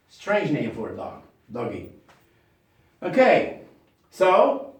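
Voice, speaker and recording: A man teaching a beginner language lesson, slowly repeating example sentences again and again. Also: on the high side, huge pitch swings. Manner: slow repetitive drilling of example sentences. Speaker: English teacher. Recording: very echoey room, mic far off.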